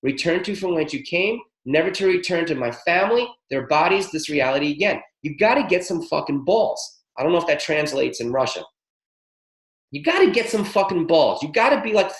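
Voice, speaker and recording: A man leading a spiritual teaching call, excitable and profane, rattling off long lists of words in one breath. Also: high voice, roomy sound, low-quality recording. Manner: excitable, swears freely, rapid-fire incantation lists. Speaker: spiritual workshop leader. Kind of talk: live teaching call with interpreter.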